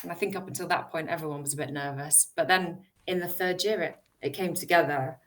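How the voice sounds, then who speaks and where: A British woman, an actor, telling her story as an interview guest, animated and laughing as she acts out her past self. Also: sits low, quick pace. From United Kingdom.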